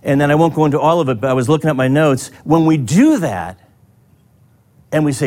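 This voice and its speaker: A man's voice: a little high, moderate pace, a little mellow. A man preaching a sermon as pastor, in a conversational way, acting out short bits of dialogue. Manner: conversational, acts out little dialogues.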